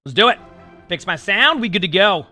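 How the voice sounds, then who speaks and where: A man's voice: sits high, big pitch swings, normal speed, bright, forceful tone, faint music behind. A young man streaming a game, chatting upbeat to his viewers while losing his voice from too little sleep. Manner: chatty, upbeat, talks to chat between games. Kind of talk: casual live-stream chat.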